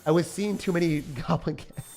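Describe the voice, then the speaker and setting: A young man streaming a game live, reacting loudly and then mumbling low as he talks through decks. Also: normal speed. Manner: excitable, swings from shouting to low mumbling. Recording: faint music behind.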